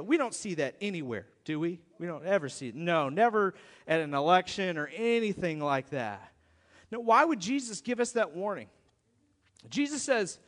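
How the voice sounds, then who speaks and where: A pastor delivering a conversational, animated sermon, often acting out voices of the people and figures he quotes. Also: high-pitched, normal speed, long reverb tail.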